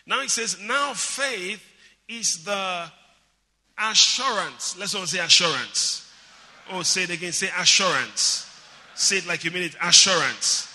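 A man's voice: high voice, moderate pace, sharp tone. A man preaching a sermon, teaching emphatically, repeating key words and calling on the congregation to say them back. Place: church hall. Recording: long reverb of a large hall.

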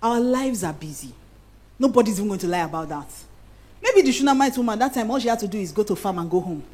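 A woman with a Nigerian accent preaching a sermon, playful and animated, dropping into pidgin asides. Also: medium pitch, fast talker, low-quality recording.

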